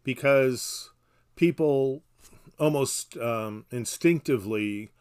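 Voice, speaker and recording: A man teaching scripture in an easygoing conversation. He explains patiently and often restarts his sentences. A dry humor runs under his mid-pitched voice. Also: takes it slowly, a little mellow, clean tone. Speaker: Bible teacher. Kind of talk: casual Bible study podcast.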